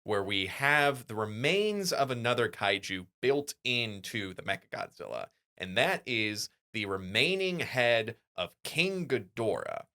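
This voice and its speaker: A man co-hosting a podcast, chatting casually and rambling quickly about a film. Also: medium pitch, very animated, bright, forceful tone. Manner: fast, rambling film commentary. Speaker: podcast co-host. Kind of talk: casual chat.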